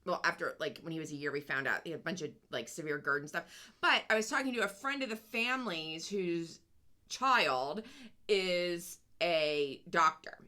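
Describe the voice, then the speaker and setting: A woman's voice: fairly low pitch, normal speed, bright, forceful tone. A woman co-hosting a casual podcast chat, reacting and cutting in with her own stories. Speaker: podcast co-host.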